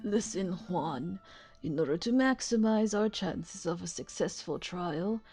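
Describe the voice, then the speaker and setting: A woman's voice: lowish voice, expressive, measured pace, warm tone, soft background music. A woman voicing a stern male falcon defense attorney who speaks in a formal, commanding way. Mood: firm.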